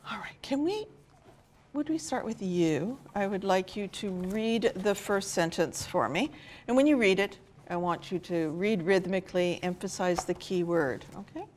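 A woman teaches a phonics lesson in a classroom, guiding students through a vowel chart and giving clear instructions. Her voice sits at an ordinary middle pitch, and a faint hum of background noise runs under the recording. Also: moderate pace, a little mellow. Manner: encouraging, directing the class.

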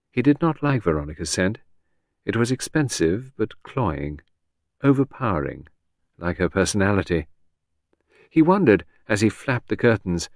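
A man's voice: on the low side, dry recording, studio quality. A man reading a classic detective novel aloud as an audiobook narrator, giving the characters' lines small shifts of voice. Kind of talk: scripted narration.

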